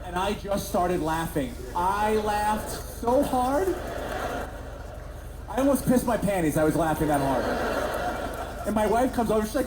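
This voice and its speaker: A man doing stand-up storytelling, animated and jumping up into high voices for the characters. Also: a little slow, pauses often. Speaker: stand-up comedian. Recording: echoey venue with background noise.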